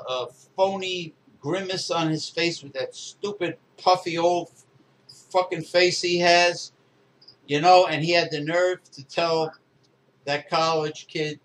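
Middle-aged guy ranting and cussing on a podcast, voice a bit on the high side, faint hiss. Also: a bit bright, poor audio. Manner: angry profane ranting with many fillers. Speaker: podcast co-host. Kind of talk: casual political chat.

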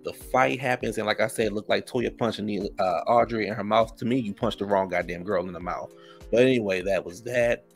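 A man's voice: brisk, vocal fry, faint music behind. A man casually recapping a reality TV episode in a sassy, profane, gossipy way. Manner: acts out quotes in higher voices.

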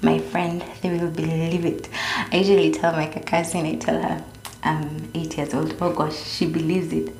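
Young Kenyan woman vlogger, a little low-pitched, easygoing chat in a roomy space. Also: level tone, moderate pace, creaky, a little mellow. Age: young adult. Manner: chatty, mixing in Swahili slang. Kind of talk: casual chat. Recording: echoey room.

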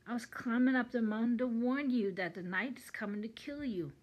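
A woman's voice: medium pitch, expressive, normal speed, darkish tone, breathy edge. An older woman with a German accent voicing a frightened young boy who begs for help in a storybook. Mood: pleading.

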